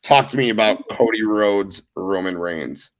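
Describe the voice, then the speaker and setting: A young man hosting a casual wrestling recap podcast, talking with excited, profane emphasis. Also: lowish voice, measured pace. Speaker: podcast host.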